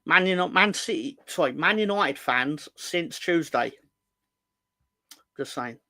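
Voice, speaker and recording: A little high and expressive, his bright, forceful voice comes at an unhurried pace in a dry recording. The young man hosts a football fan livestream, reading comments aloud and casually joking, rambling, and teasing viewers.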